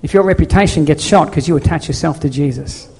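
A man's voice: a little high, fast talker, gravelly, a little mellow, slightly rough. A man preaching a sermon as pastor in a church, earnest and pleading, with many rhetorical questions.

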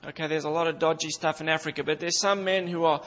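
A man's voice: fairly high pitch, steady tone, fast, a bit bright. A man preaching a sermon with fervent, emphatic delivery, repeating phrases for emphasis. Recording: dull sound with long reverb in a hall.

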